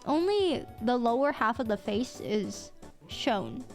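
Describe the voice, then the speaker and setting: High-voiced woman chatting on stream. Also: slow pace, soft background music. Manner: animated storytelling, laughs often, swears casually. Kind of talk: casual livestream chat.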